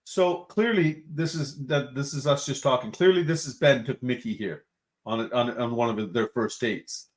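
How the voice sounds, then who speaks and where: A man's voice: mid-range voice, normal speed. A man co-hosting a casual chat, joking playfully and laughing with his friends. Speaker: co-host.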